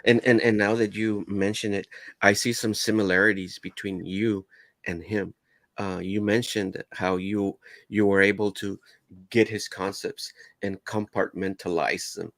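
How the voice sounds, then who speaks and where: A man hosting a casual interview, halting and repeating words as he gets started. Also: lowish voice, little pitch movement, fairly bright tone, dry recording. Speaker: host.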